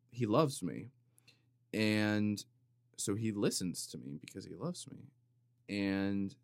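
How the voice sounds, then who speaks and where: A man hosting a comedic solo podcast, rambling in a deadpan way with sudden loud bursts and some vocal fry. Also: fairly low pitch, dry recording, clean studio sound. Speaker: podcast host. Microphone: studio microphone.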